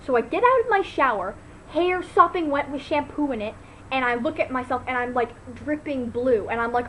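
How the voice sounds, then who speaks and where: A teenage girl vlogging at home into her laptop, telling a story in an animated, chatty way full of "like" and fillers. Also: sits high, moderate pace, a little hiss or hum, poor audio. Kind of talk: casual chat to camera. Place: at home, indoors.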